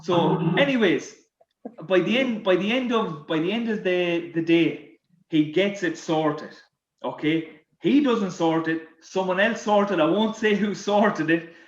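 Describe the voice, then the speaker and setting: A man and former footballer tells stories as a podcast guest, a little high in pitch and lively. He stumbles and repeats himself as he builds each tale. The room sounds roomy, and the recording slightly dull. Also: measured pace. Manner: animated, repeats words, laughs at his own stories. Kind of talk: anecdotal storytelling.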